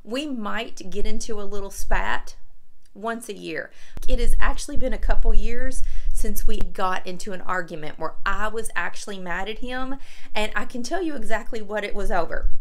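A woman's voice: medium pitch, moderate pace, fairly bright tone, a little hiss or hum, low-quality recording. A woman, chatting casually and candidly to her camera. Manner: chatty, friendly and candid, uses y'all. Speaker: vlogger.

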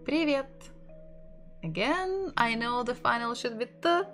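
Woman, Russian accent, native Russian speaker, casual online tutor, slow and patient, faint music behind. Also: a little high, lively intonation, fairly bright tone. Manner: unhurried, repeats words aloud, light laughs. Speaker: Russian language teacher. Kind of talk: casual online language lesson.

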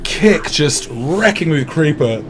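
A British man with a slightly high, animated voice speaks slowly over some background noise. He's hosting a game livestream, giving casual gameplay commentary, chatting away, reading out viewer messages and making jokes at his own expense.

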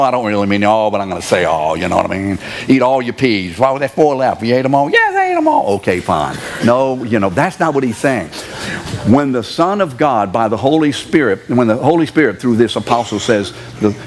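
In a church, a man in his seventies delivers a sermon in a mid-range voice, hammering his message with repeated key words and questions aimed at the congregation.

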